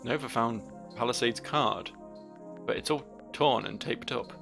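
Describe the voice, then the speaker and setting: Wry let's play host, gravelly voice. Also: male voice, medium pitch, a little slow, over music. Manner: casual, wry asides. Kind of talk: let's play commentary and reading text.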